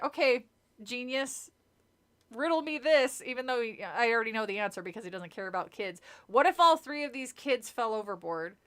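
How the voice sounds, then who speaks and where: Woman streamer, high and bright, casual read-aloud with lots of laughs, slips and tangents. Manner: laughs often and stumbles and corrects herself while reading. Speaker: streamer reading a book aloud.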